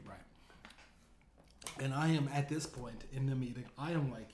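A man's voice: a little high, normal speed, darkish tone. Crude rambling male podcast host. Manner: crude, rambling, heavy with fillers. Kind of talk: casual comedic storytelling. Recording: roomy echo.

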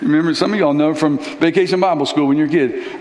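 A man preaches a casual, story-driven sermon, acting out the Bible characters as he goes. His voice sits a little high. It rings through an echoey church hall with a long reverb tail. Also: fast talker, hardly any pauses. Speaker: pastor.

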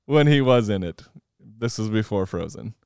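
A man in his thirties chatting casually as a podcast host, telling animated stories and laughing at himself. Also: lowish voice, normal speed, clear, resonant tone, no room sound, studio quality. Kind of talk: casual chat.

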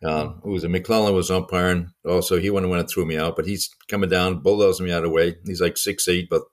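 An older man, a podcast co-host and former baseball coach, telling anecdotes in casual conversation with frequent chuckles. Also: low-pitched. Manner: fast, lively anecdotes with chuckles.

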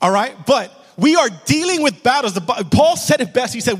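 A man pastor delivers an impassioned sermon in a high, lifted voice. He drives his points home by saying them again and again. His voice carries a long reverb from the church hall. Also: very animated, brisk, hardly any pauses. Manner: impassioned preaching, repeats lines for emphasis. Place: church sanctuary.

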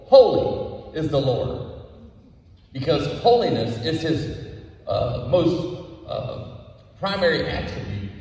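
A man preaching a sermon as pastor, with a measured, emphatic delivery that leans on repeated words. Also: on the high side, darkish tone. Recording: echoey hall from a distance.

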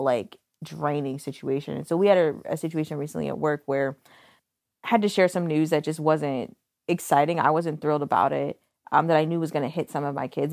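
A young adult woman co-hosting a casual podcast chat, telling lively stories and acting out the dialogue. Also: low voice, no echo, studio quality. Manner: animated storyteller, acts out dialogue. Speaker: podcast co-host.

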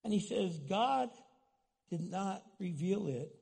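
A man's voice: high-pitched, animated, takes it slowly, vocal fry, darkish tone, breathy edge. A male pastor preaching a sermon, with many restarts and quoted asides.

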